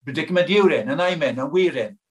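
Older British male preacher, earnest, pleading, fairly high-pitched. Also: expressive, fast talker. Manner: earnest, pleading, many rhetorical questions. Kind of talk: sermon.

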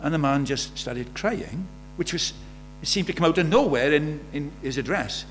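A man with a slightly high voice and lively intonation preaches at a normal pace, chatting with the congregation through rhetorical questions. There's a faint mains hum on the recording.

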